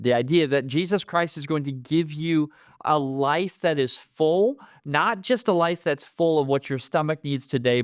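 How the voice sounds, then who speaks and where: A man's voice: on the high side, smooth, no room sound, studio quality. A man leading a conversational Bible study, earnest and explanatory, often repeating words as he works out a thought.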